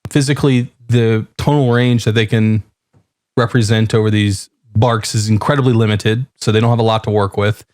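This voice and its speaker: A man's voice: lowish voice, steady tone, moderate pace, a little mellow, no room sound, studio quality. A man co-hosting a podcast, reasoning aloud in a thoughtful, casual way. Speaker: podcast co-host. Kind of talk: casual chat.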